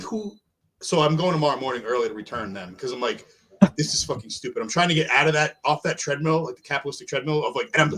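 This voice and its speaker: A man's voice: medium pitch, a bit bright. A middle-aged man, a podcast guest, chatting casually in a rambling, profane, self-deprecating way. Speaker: podcast guest, MMA fighter.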